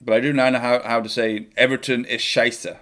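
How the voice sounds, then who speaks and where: A man's voice: medium pitch, little pitch movement, brisk, fairly bright tone. A young man chatting casually and joking while he reacts live to a football match on a home stream. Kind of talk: live match watchalong chat.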